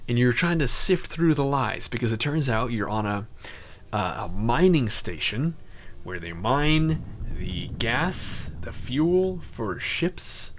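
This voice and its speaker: A young man recapping a video game in a chatty, rambling way and slipping into mock voices as he goes. His voice sits at an ordinary middle pitch. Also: sing-song, slow. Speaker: gaming channel host. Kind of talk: casual game commentary.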